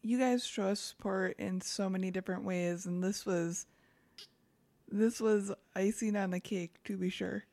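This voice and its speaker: Low-key woman cohost, dry humor, easygoing podcast chat. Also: steady tone, a little slow, mellow. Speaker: podcast co-host.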